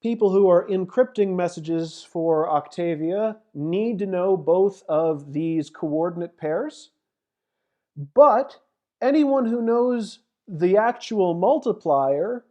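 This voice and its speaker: A woman lecturer talks through a recorded walkthrough of a math problem, thinking aloud as she types. Her delivery is slow and deliberate. Her voice has a mellow, warm tone. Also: on the low side. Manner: methodical, thinks aloud while typing and reading out numbers. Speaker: mathematics lecturer.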